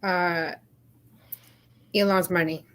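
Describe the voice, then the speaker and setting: A woman's voice: on the low side, fairly even intonation, slow, fairly bright tone. A woman joining a casual group chat, upset and questioning, apologizing for swearing. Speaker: chat participant.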